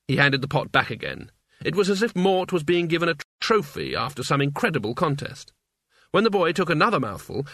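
A man narrating a story aloud in an expressive, wry reading. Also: fairly high pitch, no room sound, clean studio sound. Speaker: audiobook reader. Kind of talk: scripted narration.

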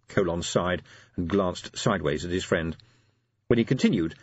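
A man's voice: low voice, normal speed, husky, no echo, dull audio. A man narrating a story in a dry, wry storytelling manner. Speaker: audiobook narrator. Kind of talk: scripted narration.

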